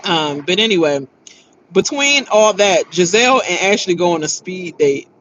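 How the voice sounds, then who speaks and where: Female recap host, animated and sharp-toned, slangy and laughing a lot. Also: lowish voice, normal speed, a little hiss or hum, low-quality recording. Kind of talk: casual TV recap and rant.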